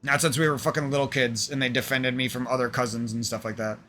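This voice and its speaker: A man's voice: medium pitch, fairly even intonation, quick pace, pushed and bright. A young man streaming, venting in a rambling, aggrieved monologue full of swearing.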